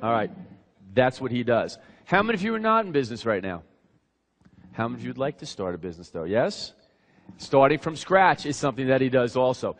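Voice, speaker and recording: A man's voice: mid-range voice, sing-song, fairly quick. A man introducing a speaker on stage, hyping him up and asking the audience questions. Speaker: event emcee. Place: large hall with a live audience. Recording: long hall reverb.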